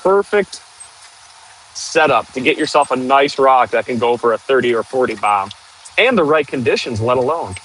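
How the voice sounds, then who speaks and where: A man's voice: medium pitch, animated, normal speed, fairly bright tone, a little hiss or hum, poor audio. Chatty man in his thirties. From northern Michigan, USA. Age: 30s. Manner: rambling, chatty, laughs often. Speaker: livestream host. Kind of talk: casual live-stream chat.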